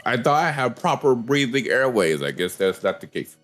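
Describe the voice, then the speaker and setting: A man's voice: medium pitch, sing-song, moderate pace, a bit bright, soft background music. A man voicing a big-chested, earnest male adventurer who sounds puzzled yet self-assured.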